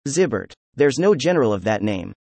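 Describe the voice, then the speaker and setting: A man narrating a classic novel in an even, measured reading. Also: medium pitch, creaky, no echo. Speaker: audiobook narrator. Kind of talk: scripted narration.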